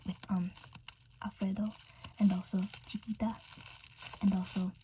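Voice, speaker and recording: Woman ASMR host, whispered role-play, warm mellow tone, loose rambling delivery. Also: medium pitch, level tone, moderate pace, a little hiss or hum. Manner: soft rambling whisper, many fillers. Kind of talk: casual rambling ASMR chat.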